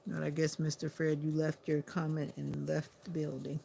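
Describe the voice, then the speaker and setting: A sleepy woman hosting a livestream, chatting to viewers in an unhurried, casual way. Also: sits low, completely flat delivery, gravelly, warm tone, slight background noise. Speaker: livestream host.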